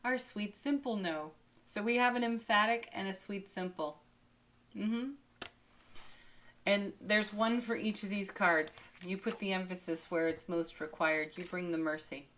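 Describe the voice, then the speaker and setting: A woman gives a daily spiritual tarot card reading in a mid-range voice. She is soothing and unhurried, laughing softly between cards.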